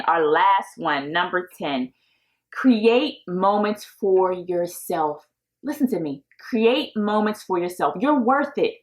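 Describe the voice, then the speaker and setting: A woman in her thirties hosting a podcast, talking casually in an upbeat, encouraging way and laughing often. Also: medium pitch. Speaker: podcast host. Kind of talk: casual solo podcast talk.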